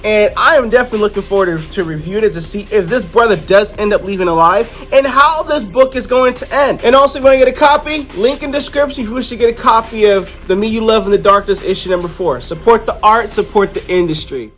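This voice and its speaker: A comic book reviewer retelling a story in a chatty, excitable way. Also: medium pitch, quick pace, hardly any pauses. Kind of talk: casual story recap.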